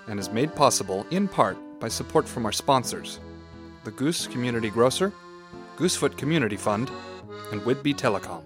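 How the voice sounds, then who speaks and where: A man reading a formal, measured introduction and sponsor credits for a story program. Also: medium pitch, animated. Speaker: program announcer. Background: faint accordion and guitar music.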